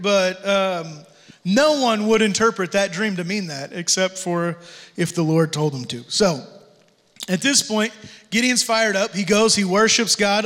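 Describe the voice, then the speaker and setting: Heard first is a long reverb tail, as a man preaches from a church stage. His voice sits high and sounds bright and sharp. He tells the story like a joking, casual pastor and throws in slang. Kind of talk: sermon. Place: church sanctuary.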